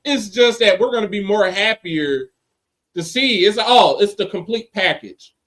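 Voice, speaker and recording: A man co-hosting a casual wrestling podcast, talking in a slangy, animated way and acting out quotes. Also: high voice, a little slow. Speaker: podcast co-host.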